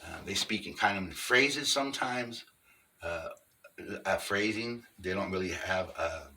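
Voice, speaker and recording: A middle-aged man in an unscripted monologue, explaining things earnestly step by step in a halting way. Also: low-pitched, bright, forceful tone, recorded from a distance, a little hiss or hum. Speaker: vlogger on Sasquatch encounters.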